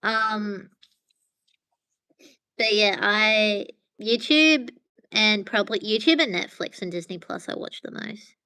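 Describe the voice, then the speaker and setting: A woman streams live from her phone, chatting to viewers in a loose, rambling way. Her voice is bright and crisp. The sound is close and dry. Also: medium pitch, takes it slowly, pauses often, no echo. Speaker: livestream host. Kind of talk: casual livestream chat with viewers.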